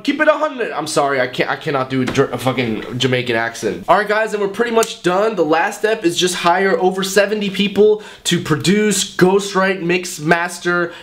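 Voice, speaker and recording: A man's voice: on the high side, a bit bright. A young man hosting a jokey music production tutorial, talking casually and swearing a lot. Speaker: music producer and channel host.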